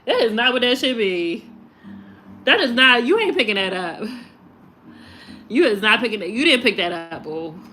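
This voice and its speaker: A woman tarot reader chatting casually on a live stream, animated and laughing, swearing and mocking, then settling low and slow as she signs off. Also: a little hiss or hum.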